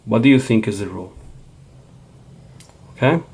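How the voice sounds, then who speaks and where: A man's voice: on the low side, moderate pace, a little mellow, breathy edge. A man teaching a Spanish lesson, explaining patiently and checking in with a frequent "okay?". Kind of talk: classroom lecture.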